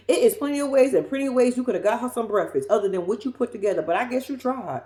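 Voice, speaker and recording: A woman talks through a reality show episode with blunt, sassy, profane asides. Her pitch jumps around a lot. The room around her is echoey. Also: expressive, fast, few pauses, dark tone. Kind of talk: casual reality-show recap. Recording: roomy echo.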